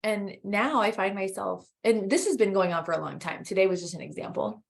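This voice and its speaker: Chatty middle-aged woman on a podcast, lively storytelling, casual talk. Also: mid-range voice, a little fast, vocal fry. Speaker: podcast co-host. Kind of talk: casual chat.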